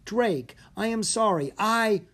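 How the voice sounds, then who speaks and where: A reader voicing a serious, polite young boy who speaks formally and softly. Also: medium pitch, animated, takes it slowly, a little hiss or hum, voice pushed up.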